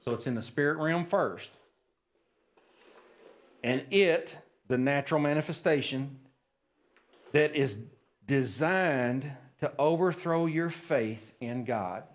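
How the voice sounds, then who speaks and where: A man's voice: a little high, slow pace, long pauses. A man preaching a sermon at a church service, plain-spoken and folksy, often checking in with the congregation. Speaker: pastor.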